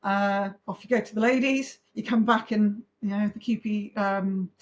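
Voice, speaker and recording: A woman in her forties, a podcast guest, telling her story in a chatty, animated way. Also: medium pitch, normal speed. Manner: chatty, animated, talks in long run-on recollections. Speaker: podcast guest, pharmaceutical trainer. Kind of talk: conversational interview storytelling.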